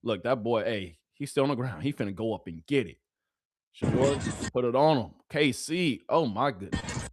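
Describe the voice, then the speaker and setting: A man of medium pitch talks at a moderate pace with no room sound, dry and close-miked. He's a live-stream host giving casual commentary, animated and repetitive, speaking straight to his chat.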